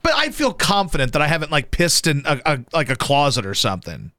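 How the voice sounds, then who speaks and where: A man hosting a radio show, chatting casually about sports in a profane, animated way and jumping into high yelps to mimic people. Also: fairly quick, no echo, clean studio sound. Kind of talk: casual sports talk banter.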